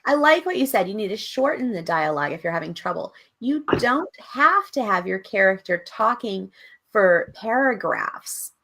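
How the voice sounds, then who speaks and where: A woman's voice: medium pitch, sing-song, moderate pace, creaky, sharp tone. A woman co-hosting a writing workshop who asks follow-up questions and encourages the participants. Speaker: workshop co-host. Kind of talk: casual teaching chat.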